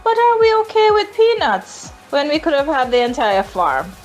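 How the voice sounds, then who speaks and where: A woman's voice: animated, moderate pace, faint music behind. Sarcastic Jamaican woman news host. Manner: sarcastic, lamenting, with high mock-cheerful whoops. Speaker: travel company news host.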